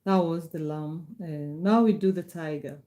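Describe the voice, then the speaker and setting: Middle-aged woman host, very mellow low voice, unhurried, hesitant live-stream reader. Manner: halting, hesitant, many fillers and restarts between poems. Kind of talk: casual live-stream chat and poetry reading.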